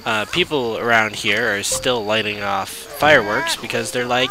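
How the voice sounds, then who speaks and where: A man's voice: fairly low pitch, normal speed, few pauses, noisy background. A man giving casual gameplay commentary and exasperatedly scolding the creatures in his game. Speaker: let's play host. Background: game music.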